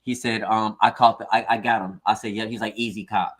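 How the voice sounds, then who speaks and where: A man's voice: fairly low pitch, fairly even intonation, fairly quick, few pauses, a bit bright. A man co-hosting a casual livestream, talking in a laid-back way, repeating himself and saying "bro" a lot. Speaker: co-host of a sneaker livestream. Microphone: streaming setup.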